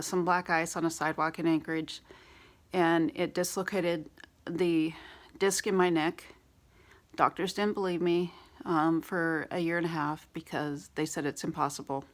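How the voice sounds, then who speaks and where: A woman beauty vlogger with a raspy voice, candidly telling a personal story in a rambling vlog with many fillers. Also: on the low side.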